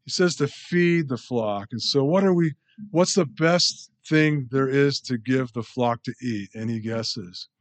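A man's voice: mid-range voice, measured pace. A man preaching a conversational sermon as a pastor, rambling a bit, with many fillers and restarts.

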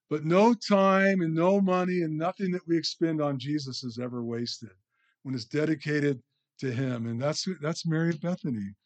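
Chatty preacher, a man, slightly high voice. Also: moderate pace. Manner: chatty, with frequent "you know" and "right?" check-ins. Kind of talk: conversational sermon.

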